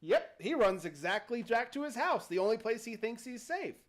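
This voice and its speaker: Speaking at a moderate pace in a very high-pitched voice, the livestream host casually retells a story. His delivery is playful and animated as he performs each character.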